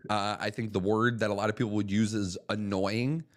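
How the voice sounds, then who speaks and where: A man's voice: on the low side, flat delivery, a little fast. A man co-hosting a casual sports talk show, making dry, wry remarks between hesitant fillers. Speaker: co-host.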